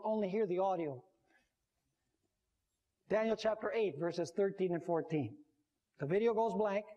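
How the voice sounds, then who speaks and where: A man's voice: high voice, a little mellow. A man, a pastor, preaching a sermon, rising sharply on key words and asking the audience questions.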